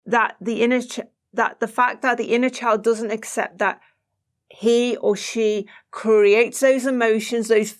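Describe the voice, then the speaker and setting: A woman's voice: a little high, fairly even intonation, measured pace. A woman co-host reading out a viewer's question and asking earnest follow-up questions. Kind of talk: interview questions.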